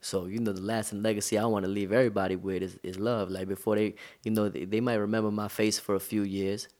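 A man from the United States, a guest in an interview, telling stories in a relaxed, slangy, conversational way. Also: fairly low pitch, fast. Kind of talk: casual storytelling interview.

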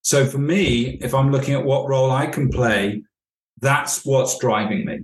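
A man's voice: medium pitch, fairly even intonation, a little slow. A man, a leadership coach, answering interview questions and telling stories, acting out the dialogue as he goes. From United Kingdom. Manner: storytelling, acts out dialogue. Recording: echoey room.

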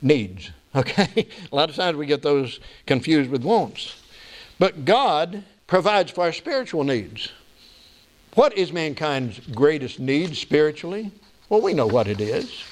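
Male pastor, slightly high voice, animated folksy sermon delivery with big pitch swings. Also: unhurried. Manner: animated preaching with pitch swings, folksy asides and scripture quotes.

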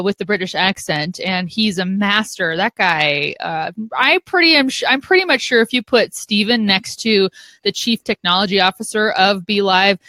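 A woman's voice: mid-range voice, a bit bright, dry recording. A woman co-hosting a live video show, chatting casually and playfully with her co-host and viewers. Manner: playful and chatty, quick to joke. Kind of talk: casual live-stream chat.

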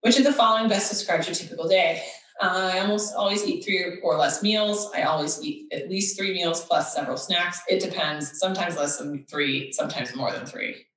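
A woman's voice: fairly low pitch, normal speed, fairly bright tone. A woman host chatting casually and reading quiz questions aloud with sarcastic asides. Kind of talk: casual chat. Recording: echoey room, somewhat far from mic.

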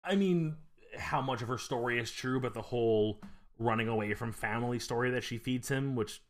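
A man co-hosts a casual podcast, his voice sitting at an ordinary middle pitch. He rambles through his thoughts, stopping to restart sentences and filling gaps with "uh" and "like". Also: moderate pace. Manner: rambling, hesitant, with many fillers and restarts. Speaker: podcast co-host.

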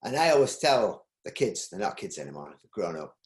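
Middle-aged Yorkshire man, interview guest, lowish voice, restarts a lot, roomy echo. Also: big pitch swings, a little fast. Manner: rambling, with frequent restarts and ums. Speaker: interview guest, business owner. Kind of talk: casual interview.

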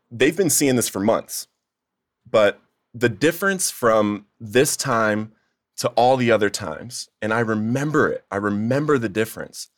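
A man's voice: fairly low pitch, dry recording, clean studio sound. A young man telling his recovery testimony in an earnest, emotional way. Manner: earnest, emotional storytelling, rising to near-shouting in retold pleas. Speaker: testimony speaker.

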